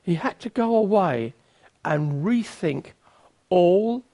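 A preacher giving a sermon in a chatty, self-mocking manner. His voice is high and swings widely in pitch, full of lively emphasis. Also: takes it slowly. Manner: conversational, self-mocking, teasing asides.

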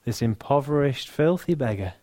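A man with an English accent preaching a sermon, earnest and warm, dropping to soft, hushed lines for emphasis, with touches of dry humor. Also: medium pitch, animated, moderate pace, no echo. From England. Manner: earnest, softening to near-whisper on key lines, dry humor.

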